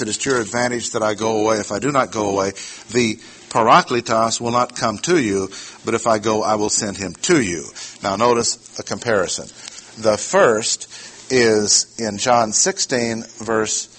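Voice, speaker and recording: A man teaching a sermon verse by verse, slow and deliberate, repeating his key words. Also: on the low side, fairly bright tone, a little hiss or hum. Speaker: preacher. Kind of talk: expository Bible teaching.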